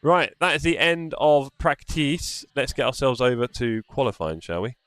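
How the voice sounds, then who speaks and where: A man's voice: medium pitch, moderate pace, fairly bright tone, no room sound. A man hosting a live sim racing stream, chatting casually, teasing and reading the chat aloud. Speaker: stream host.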